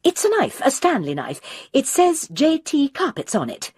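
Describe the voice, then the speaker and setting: A woman's voice: high-pitched, huge pitch swings, normal speed, a little mellow, no echo, clean studio sound, pitched above the performer's own voice, full character voice. A woman voicing a prim, earnest retired lady trying to play detective. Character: prim retired woman turned amateur sleuth.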